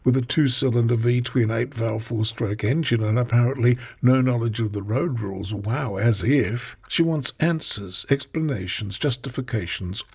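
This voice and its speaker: Gravelly man narrating a comic story. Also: medium pitch, normal speed, few pauses, a little mellow. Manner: chatty, offbeat asides. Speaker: audiobook narrator.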